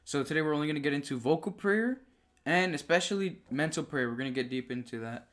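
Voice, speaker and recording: A man's voice: fairly high pitch, quick pace, fairly bright tone. A young man co-hosting a podcast, reading aloud from a text and explaining it in a casual way, often stumbling and correcting himself. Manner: stumbling, self-correcting, conversational. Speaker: podcast co-host.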